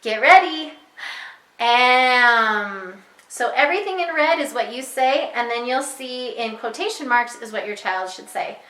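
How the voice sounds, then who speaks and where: Young woman teacher, bright and higher voice, patient and clear, explaining a reading lesson to parents. Echoey room. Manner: clear, patient, slows to model sounds. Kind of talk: instructional walkthrough for parents.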